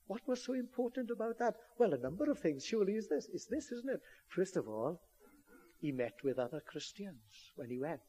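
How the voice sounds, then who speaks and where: A man preaches a sermon in a fairly high voice with a husky edge. He speaks earnestly and pushes into emphatic appeals to his listeners. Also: a little mellow, highs cut off.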